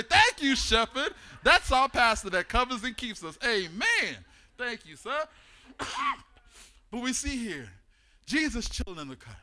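A man preaching a sermon, building to shouts in a chanting cadence, with casual slang. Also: very high voice, big pitch swings, unhurried.

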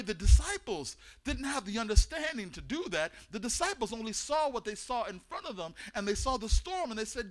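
A man preaching a sermon, building to shouts in a chanting cadence, with casual slang. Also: very high-pitched, big pitch swings, normal speed.

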